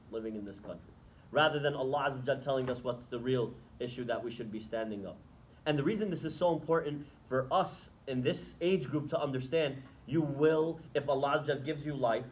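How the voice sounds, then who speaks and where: A man's voice: mid-range voice, slight background noise, poor audio. Man giving a chatty religious lecture. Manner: conversational, asks the audience rhetorical questions. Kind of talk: Islamic talk to students with Q&A. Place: lecture room.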